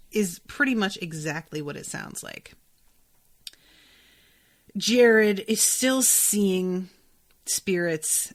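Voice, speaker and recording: A woman hosting a podcast, reading a novel aloud and giving candid, casual reactions with some swearing. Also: low voice. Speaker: podcast host.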